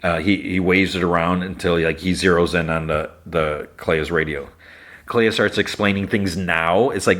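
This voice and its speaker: Low-voiced male podcast host, chatty and rambling, strings scenes together with "like". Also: fairly even intonation, normal speed, fairly bright tone. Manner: loose retelling full of "like" and restarts. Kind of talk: casual episode recap.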